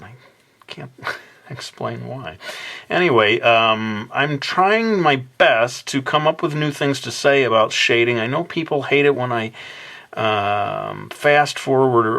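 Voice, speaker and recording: A man narrating his drawing tutorial in a relaxed, rambling way, joking about himself as he works. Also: medium pitch, gravelly. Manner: relaxed, rambling, self-deprecating with playful asides. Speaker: drawing instructor.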